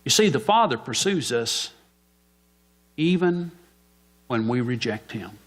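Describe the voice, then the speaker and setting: A man's voice: mid-range voice, lively intonation, slow. A man preaching a sermon in church, asking the congregation questions and answering them himself.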